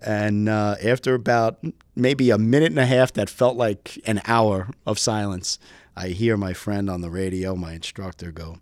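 A man from the US East Coast tells a lively story as an interview guest, laughing as he goes. His voice is lowish, and the sound is dry and close. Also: moderate pace, dry recording. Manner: animated, laughs often while telling stories. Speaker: police aviation lieutenant, guest.

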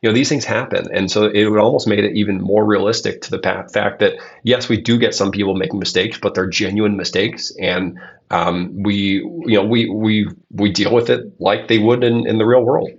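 A man, a guest who organizes flight sim events, talking haltingly with many restarts and fillers. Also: on the low side, fairly even intonation, creaky, breathy edge, dull audio. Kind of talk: casual interview talk.

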